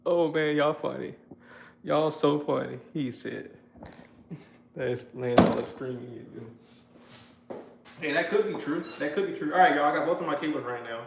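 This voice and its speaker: A man's voice: fairly high pitch, a little fast, creaky, reverberant, slight background noise. A man hosting a live stream while working in his garage, telling stories and joking with chat. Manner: joking storyteller, talks to chat, slangy. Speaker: livestream host. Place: garage workshop.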